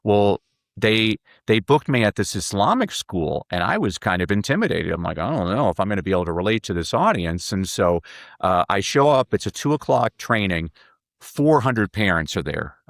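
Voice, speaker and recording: A man's voice: fairly low pitch, very animated, normal speed, creaky, dry recording, clean studio sound. A man guesting on a podcast, telling stories with enthusiasm, often repeating his first words before a sentence gets going. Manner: enthusiastic, repeats words when starting sentences, acts out quotes. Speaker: guest, speaker and professor. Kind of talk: animated podcast storytelling.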